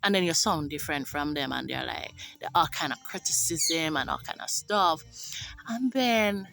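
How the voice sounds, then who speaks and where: Low-voiced Jamaican woman, earnest testimony. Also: expressive, gravelly. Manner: earnest, emphatic, stretches key words slowly. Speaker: motivational speaker and minister. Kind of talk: personal testimony to camera.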